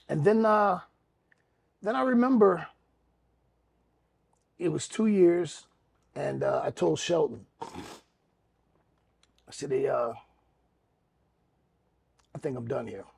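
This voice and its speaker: A middle-aged man co-hosting a podcast, telling stories in casual chat, animated and swearing freely. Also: fairly high pitch, takes it slowly, gravelly, pauses often, husky. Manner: animated, acts out quotes loudly, laughs, profanity. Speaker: podcast co-host, former wrestler.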